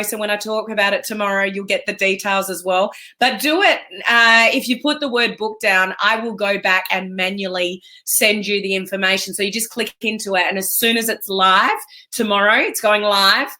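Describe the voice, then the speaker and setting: With a mid-range voice at normal speed, an Australian business coach chats with live stream viewers. Her motivational talk is energetic and emphatic.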